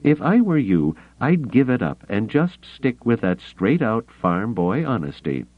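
Sharp-tongued young woman read by a man, dry teasing wit, lively tinny audiobook read. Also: medium pitch, a little slow, dry recording, pitched above the performer's own voice. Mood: wry teasing.

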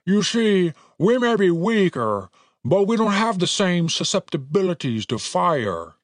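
Man putting on a high sneering troll voice, male forest troll, pedantic, slow and mocking, swooping pitch, dry close sound. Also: sing-song, no room sound. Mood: smug. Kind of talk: audiobook character voice.

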